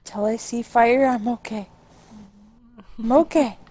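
A woman's voice: a little high, takes it slowly, mellow, dry recording. A woman gaming casually with friends, panicking and swearing, repeating her words when chased. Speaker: gamer being hunted.

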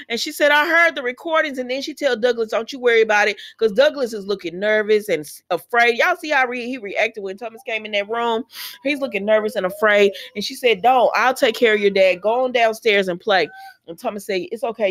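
A woman hosts a casual recap video. She retells each scene in a loose, chatty way, slipping into quick quoted voices. Sassy asides to her viewers keep breaking into the story. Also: on the high side. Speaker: soap opera recap host.

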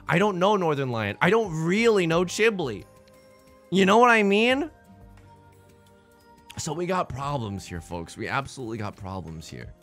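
Rambling jokey man streaming. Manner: rambling, jokey, bursts into loud high bits. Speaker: streamer playing online mahjong. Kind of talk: casual livestream banter.

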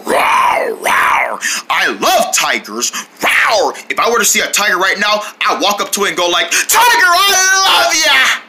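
Tiger-crazy cartoon kid done by a performer, rawrs a lot, pitch swings all over, faint hiss behind. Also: pushed and bright, exaggerated voice. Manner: growls and roars between sentences. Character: playful cartoon boy obsessed with tigers. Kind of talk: cartoon character acting.

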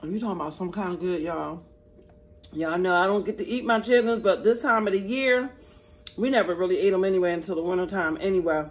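A woman's voice: fairly low pitch, steady tone, quick pace. A woman hosting an eating show, chatting with viewers in a casual, familiar way between bites. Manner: chatty, talks to viewers as y'all, eats between lines. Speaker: mukbang host.

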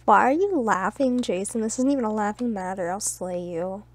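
A woman's voice: mid-range voice, expressive, normal speed. A young woman chatting casually while playing a video game with friends, teasing and trash-talking with bursts of laughter. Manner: playful trash talk with loud laughs. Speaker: gamer. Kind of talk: casual gaming chat.

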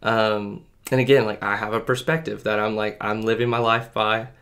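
A podcast guest tells a personal faith story in a casual testimony chat, earnest and rambling with plenty of fillers. His voice sits lowish, fairly bright in tone, with a flat delivery at a moderate pace.

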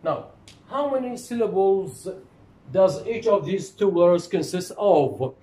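Male lecturer, fairly high voice, repeats key terms, echoey room with faint hiss. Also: lively intonation, takes it slowly, mellow. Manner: repetitive, asks questions and answers them. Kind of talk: phonetics lecture.

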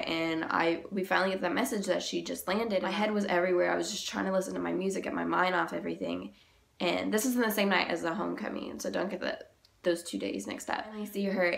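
A woman's voice: fairly low pitch, gravelly, a bit bright. A teenage girl candidly recounting a painful personal experience to her viewers, slangy and emotional. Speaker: vlogger. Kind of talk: personal storytime.

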